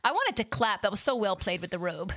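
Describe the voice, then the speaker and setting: A woman's voice: mid-range voice, sing-song, brisk, a bit bright, dry recording. A woman co-hosting a casual book-discussion podcast, curious and asking lots of questions. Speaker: podcast co-host.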